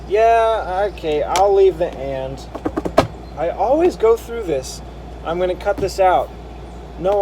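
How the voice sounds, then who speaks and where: Against background noise, a man with a high voice muses aloud while working on a Bible harmony. He reads verses out as he merges them and keeps correcting himself along the way.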